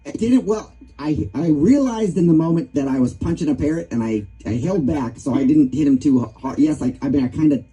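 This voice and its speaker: A man's voice: on the high side, brisk, few pauses, dark tone, slightly rough, rough recording. A man hosting a radio prank call, sounding mock-earnest and stammering as he acts worked up.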